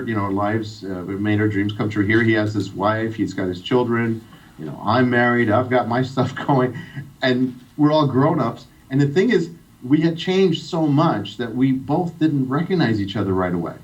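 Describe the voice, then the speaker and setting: A middle-aged man from Iran telling a heartfelt personal story as a guest on a radio interview. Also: lowish voice. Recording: distant, dull radio sound.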